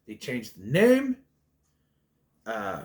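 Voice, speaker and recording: A man casually recapping a sitcom episode, rambling and quoting characters in quick asides. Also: mid-range voice, huge pitch swings, a little hiss or hum. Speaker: retro TV show reviewer.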